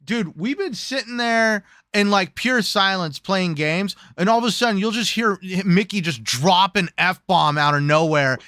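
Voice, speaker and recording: A man hosting a casual gaming chat show, lively and joking, who slips into silly put-on voices now and then. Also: sits high, a little slow, hardly any pauses, clear, resonant tone, no echo, clean studio sound. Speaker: host.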